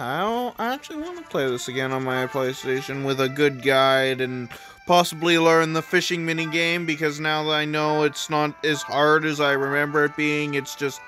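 Let's play host, male, slightly high and bright voice, slow rambling delivery. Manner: rambling, restarts sentences often. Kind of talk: casual gameplay commentary.

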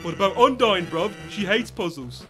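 A man's voice: high voice, big pitch swings, normal speed, pushed and bright, faint music behind, exaggerated voice. A man voicing a lazy, teasing male skeleton with a laid-back drawl, tacking slang onto every line. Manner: laid-back, teasing, says bruv a lot.

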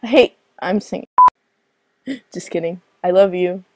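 A woman's voice: lowish voice, measured pace, warm tone, no room sound, poor audio. A woman vlogger with a sore throat, rambling in a giggly, tipsy late-night chat.

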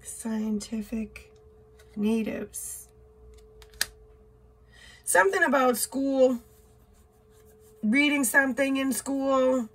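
A woman's voice: high voice, extremely slow, long pauses. A woman doing a casual tarot reading, reading card words aloud in short bursts, blunt and swearing now and then. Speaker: tarot reader.

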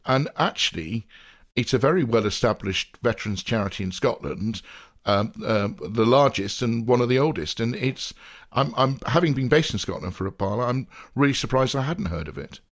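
This South Coast English man co-hosts a podcast with lively intonation at a moderate pace in a mid-range voice. Rambling and full of jokes, he keeps wandering into playful tangents.

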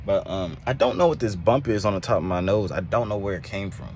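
Young male vlogger, relaxed rambling delivery, faint room noise. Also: brisk. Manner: laid-back, rambling, talks to his cat in high coaxing tones. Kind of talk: casual vlog chat. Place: at home, then in a car.

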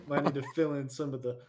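A young man joking animatedly with friends on a podcast, acting out mock quotes. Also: fairly high pitch. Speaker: podcast co-host. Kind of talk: casual chat.

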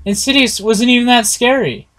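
A man's voice: very high-pitched, normal speed, fairly bright tone. A man giving nervous, jumpy commentary while playing a horror game, talking to his viewers and swearing often. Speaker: gameplay streamer.

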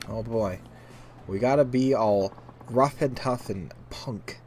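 A man's voice: medium pitch, slow, darkish tone, soft background music. A man giving casual, joking commentary while playing a video game, rambling and mocking himself. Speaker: let's play host.

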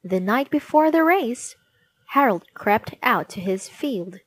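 A woman reading a children's storybook aloud, gently and clearly. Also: on the high side, lively intonation, takes it slowly.

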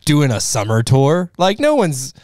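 A man's voice: on the high side, wildly swooping pitch, unhurried, darkish tone, no room sound, clean studio sound. A man hosting a comedy podcast, riffing and joking in casual chat.

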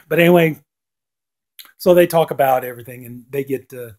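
A man's voice: medium pitch, moderate pace, a little mellow. A man giving a casual spoken review of a TV episode, rambling and leaning on "you know" fillers. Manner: acts out lines with a lifted voice.

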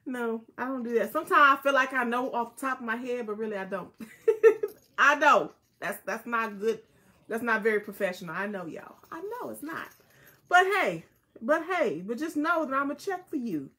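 A woman's voice: on the high side, expressive, normal speed, pushed and bright. A woman hosting a casual live jewelry sale, chatting with viewers and repeating item codes. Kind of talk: casual live selling chat.

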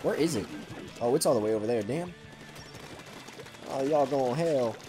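A man hosting a gaming channel, giving hyper, excitable let's play commentary and yelling at opponents. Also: mid-range voice, normal speed, music in the background.

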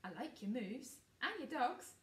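A woman's voice: sits high, lively intonation, normal speed, echoey room, recorded from a distance. A woman voicing a confident young girl, a karate champion, in a storybook reading. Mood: friendly. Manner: friendly, sighing.

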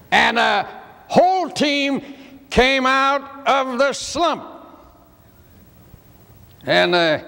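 An elderly preacher in his eighties tells a folksy sermon story with long dramatic pauses. His voice is high and gravelly, and he speaks slowly. It echoes through a large hall. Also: a bit bright. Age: 80s.

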